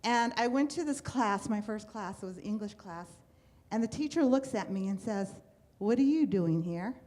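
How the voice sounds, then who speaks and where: A middle-aged woman from the United States tells her own story to an audience in a live talk. She speaks in an animated way, slipping into the voices of the people she quotes. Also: medium pitch, moderate pace.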